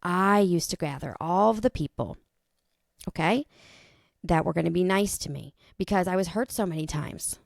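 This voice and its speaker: A woman in her thirties hosting a podcast, thinking out loud in a rambling, casual monologue with the odd swear. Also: fairly low pitch, moderate pace, vocal fry, dry recording, studio quality. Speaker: podcast host.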